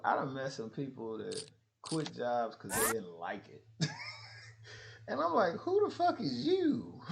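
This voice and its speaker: A man's voice: lowish voice, gravelly, slight background noise. A man talking bluntly in a casual monologue, full of profanity and frequent laughter. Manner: animated storytelling. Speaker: streamer.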